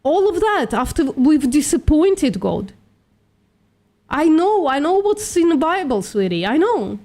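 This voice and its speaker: Her voice is high and sing-song with a dark tone, at a measured pace. She's a vegan activist on a live stream, arguing bluntly, cursing and addressing others as "sweetie."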